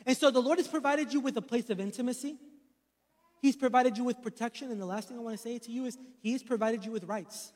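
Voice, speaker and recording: A man's voice: very high-pitched, quick pace, darkish tone, long reverb tail. A man in his thirties preaching a sermon, mixing a personal story with emphatic preaching. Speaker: pastor.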